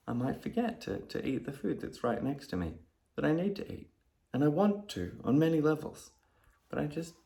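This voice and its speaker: Man explaining calmly to camera. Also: medium pitch, gravelly. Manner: acts out his own snappy and grateful replies with sudden loud jumps. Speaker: video creator talking about ADHD. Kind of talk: casual talk to camera.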